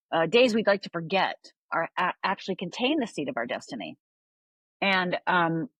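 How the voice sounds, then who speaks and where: An older woman from Upper Michigan speaks as a podcast guest in a low, husky voice. She tells her story candidly and keeps checking in with quick tag questions. The sound is dry and close. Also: fairly bright tone, no echo, low-quality recording. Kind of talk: personal storytelling.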